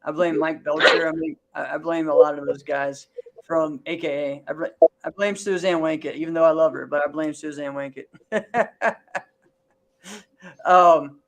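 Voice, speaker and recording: A man hosting a casual podcast chat about martial arts, relaxed and often laughing. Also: a little high, moderate pace, a little hiss or hum, rough recording. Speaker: host.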